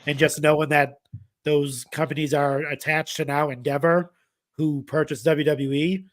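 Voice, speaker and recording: A man's voice: fairly high pitch, steady tone, normal speed. A man co-hosting a casual wrestling podcast, rambling with many fillers like "you know" and "uh". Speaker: podcast co-host. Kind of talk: casual chat.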